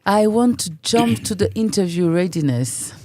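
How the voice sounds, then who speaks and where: A woman hosting a radio talk show, chatty and quick to laugh. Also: mid-range voice, expressive, darkish tone, dry recording. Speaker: radio host. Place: radio studio.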